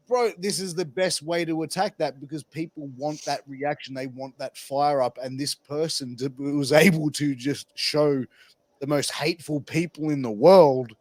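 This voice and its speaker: A male host with a fairly high voice tells stories with lots of animation and casual swearing. The recording is dry and close, with little room sound. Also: moderate pace, dry recording. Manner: animated storyteller, swears freely. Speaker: podcast host. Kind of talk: casual interview conversation.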